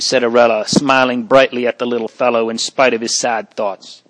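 A man narrating a storybook in an audiobook reading, with a measured, even delivery. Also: mid-range voice, rough recording.

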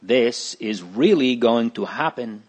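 Male narrator doing a frightened, burdened father; slow, pleading storybook voice. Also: mid-range voice, animated, darkish tone, husky. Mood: despairing. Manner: desperate, pleading. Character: anguished father with a heavy burden.

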